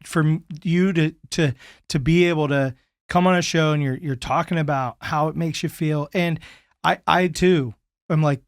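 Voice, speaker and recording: A man's voice: a little high, steady tone, moderate pace, clear, resonant tone, no room sound, studio quality. A man hosting a podcast, affirming his guest and talking with many restarts and repeated words. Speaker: podcast host. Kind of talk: conversational interview.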